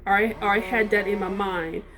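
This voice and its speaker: A woman vlogger talks straight to her viewers in a loose, rambling way. She often stops, corrects herself and fills the gaps with ums. Her voice sits at an ordinary middle pitch, with a faint hum of background noise. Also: fairly even intonation, a little fast, a bit bright. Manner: rambling, self-correcting, frequent ums and restarts. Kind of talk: casual storytelling to camera.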